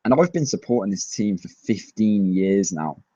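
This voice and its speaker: A young man casually answering viewer questions on a live stream, rambling with excitable fan chatter. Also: fairly low pitch, moderate pace, dry recording. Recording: dry, slightly dull lo-fi mic.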